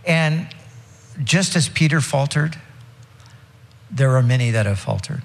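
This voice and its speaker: A man's voice: medium pitch, animated, a little slow, vocal fry. Man preaching in a reverberant hall. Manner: expository preaching with frequent restarts and fillers. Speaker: pastor. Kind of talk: sermon.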